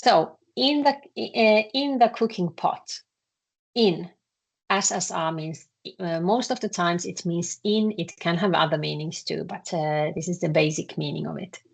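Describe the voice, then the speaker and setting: In a fairly low voice with vocal fry and a breathy edge, a Finnish-accented woman gives a language lesson, speaking hesitantly with lots of filler sounds and repeated words.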